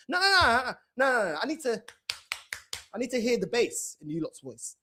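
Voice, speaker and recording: A man's voice: very high voice, fast talker. A man hosting a fan channel and mocking a video in heated, slangy reaction commentary. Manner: mocking, loud and animated, slangy, repeats "bro".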